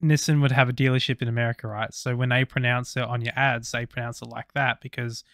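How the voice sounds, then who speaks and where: Bright, crisp-voiced Australian man chatting. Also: mid-range voice, level tone, fast talker, dry recording, clean studio sound. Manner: rambling, swears casually, lots of fillers. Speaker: podcast co-host. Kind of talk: casual chat.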